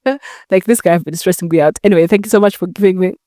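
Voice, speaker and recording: Young woman from rwanda rambling on her podcast, low mellow voice, dry close sound. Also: very fast, no echo. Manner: chatty, rambling, acts out phone calls. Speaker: podcast host. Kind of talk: casual solo podcast chat. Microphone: talking to a camera.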